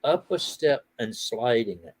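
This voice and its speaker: A middle-aged man hosting a casual outdoor chat, telling animated stories and laughing often. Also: mid-range voice, a little slow. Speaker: host.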